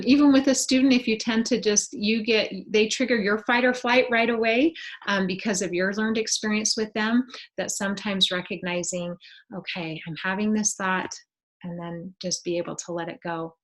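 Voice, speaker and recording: A woman presenting a webinar over a video call, explaining in a relaxed, conversational way with many fillers. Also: mid-range voice, normal speed. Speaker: webinar presenter on student well-being.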